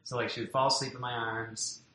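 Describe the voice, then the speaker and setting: A man speaks tenderly about his young child, circling back with many restarts and fillers. His voice is bright and forward. The room is reverberant, with a faint hum of ambience behind him. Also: medium pitch, flat delivery, fairly quick. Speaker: parent being interviewed. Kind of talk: casual heartfelt conversation. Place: home in a loud neighborhood.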